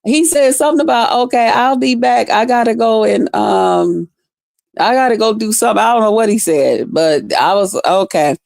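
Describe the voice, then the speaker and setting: A woman with a fairly high voice tells a storytime vlog, swearing freely and bursting into animated, loud reenactments. The sound is dry and close, with no room around her. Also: normal speed, vocal fry, no room sound. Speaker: vlogger. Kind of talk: casual storytime monologue.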